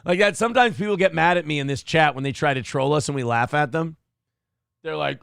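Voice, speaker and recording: A man's voice: a little high, brisk, creaky, fairly bright tone, clean tone, no echo, clean studio sound. A man hosting a morning show, giving crude, mocking commentary over video clips, getting worked up.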